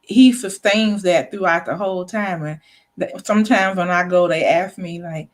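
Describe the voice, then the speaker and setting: A woman's voice: on the low side, moderate pace. A woman hosting a casual live chat, telling family stories with lots of laughter, putting on relatives' voices and reading out viewer comments. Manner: animated storytelling, laughing often; drops into quoted voices of relatives. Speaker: host.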